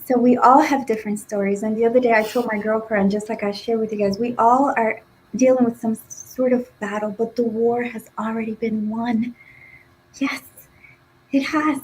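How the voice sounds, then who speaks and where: A woman's voice: on the high side, fairly even intonation, moderate pace, darkish tone, slight background noise, low-quality recording. A woman in her forties from Nicaragua, speaking as a podcast guest with an emphatic, heartfelt and encouraging motivational style. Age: 40s. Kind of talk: motivational talk.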